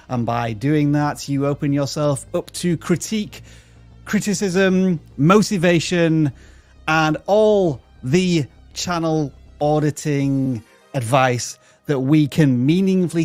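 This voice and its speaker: A man's voice: fairly high pitch, no room sound. A man with a Yorkshire accent hosting a live stream in a hammy, joking way, playing up the local slang.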